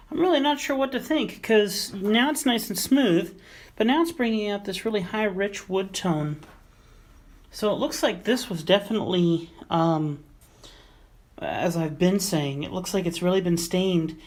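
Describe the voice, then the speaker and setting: A woman with a fairly low voice talks through her own hands-on refinishing project. She thinks aloud in a musing, unhurried way, trailing off and restarting with plenty of fillers as she weighs each step. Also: darkish tone. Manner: musing and hesitant, with frequent fillers and self-corrections. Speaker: DIY maker refinishing a guitar.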